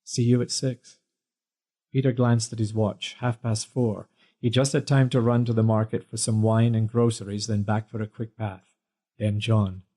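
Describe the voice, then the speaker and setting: A man reading an audiobook in scripted narration, measured and plain. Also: lowish voice, level tone, warm tone.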